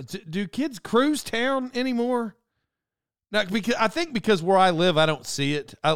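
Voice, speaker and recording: High, clear-voiced man ranting on a podcast. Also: fairly bright tone, no echo, studio quality. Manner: digressive and self-interrupting, ranting. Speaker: podcast host. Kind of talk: rambling solo monologue.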